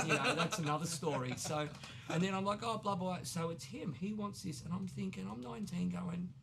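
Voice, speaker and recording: Aussie guy in his 40s, gravelly voice, bit high, swears a lot and does the voices in his stories. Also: normal speed, noisy background. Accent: Australian. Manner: animated, swearing, acts out quoted dialogue. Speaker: tattoo artist guest. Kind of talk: casual storytelling.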